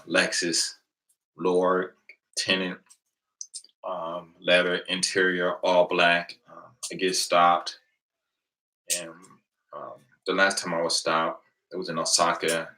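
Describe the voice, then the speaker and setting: A man's voice: sits low, monotone, a little slow, long pauses, sharp tone, low-quality recording. A man from the United States hosting a casual channel, chatting with viewers and telling stories, acting out the exchanges he quotes. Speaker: channel host.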